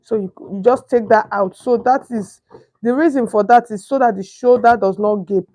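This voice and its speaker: A woman's voice: on the high side, moderate pace, dark tone. A young Nigerian woman demonstrating pattern cutting step by step, chatty, often stopping to ask if viewers can see and searching for the right word. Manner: chatty, keeps asking "can you see?", searches for words. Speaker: sewing instructor. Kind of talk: step-by-step tutorial.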